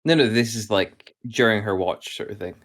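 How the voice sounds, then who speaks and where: A man's voice: on the low side, normal speed. A man running a tabletop game as game master, narrating with many hesitations and fillers.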